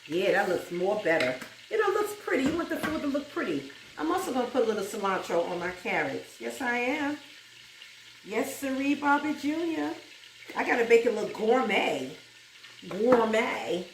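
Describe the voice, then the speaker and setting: Home cook host with a New York accent, woman, fairly high voice, roomy kitchen sound heard from off-mic; chatty, laughing, sings bits of gospel. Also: big pitch swings, brisk, distant mic, noisy background. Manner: chatty, laughs often, breaks into song. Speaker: cooking show host. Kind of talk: casual cooking chat with bursts of gospel singing. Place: home kitchen with food frying.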